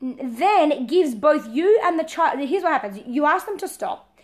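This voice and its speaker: Aussie lady parenting coach, high voice, talks fast and loose, lots of restarts. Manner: lively, repeats words and restarts, laughs often. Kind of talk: casual talk to camera.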